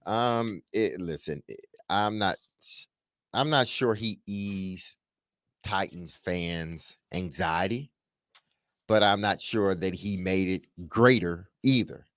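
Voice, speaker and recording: A man co-hosting sports talk radio, speaking in a measured, hesitant way with frequent pauses. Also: sits low, fairly bright tone, dry recording, clean studio sound. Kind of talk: radio talk show discussion.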